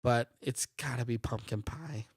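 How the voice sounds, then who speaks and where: Rambling, animated man co-hosting a podcast. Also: mid-range voice, moderate pace, breathy edge, no echo, studio quality. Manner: rambling, animated storyteller with laughs. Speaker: podcast co-host. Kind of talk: casual chat.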